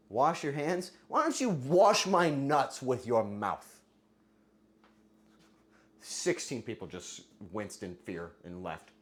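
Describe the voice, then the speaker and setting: A livestreamer with a voice going hoarse, joking crudely with chat and bursting into yelling. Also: medium pitch, animated, slow. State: voice getting hoarse. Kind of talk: casual livestream chat with viewers.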